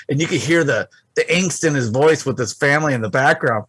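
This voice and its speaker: Crude, animated male podcast storyteller. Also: medium pitch, fairly quick, hardly any pauses, breathy edge, dry recording. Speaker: podcast co-host. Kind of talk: casual storytelling chat.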